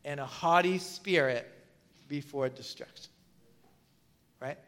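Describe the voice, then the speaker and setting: A pastor preaching in a casual, conversational style, asking the congregation questions and using plenty of fillers. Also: male voice, on the high side, takes it slowly, fairly bright tone, clean tone. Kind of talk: sermon.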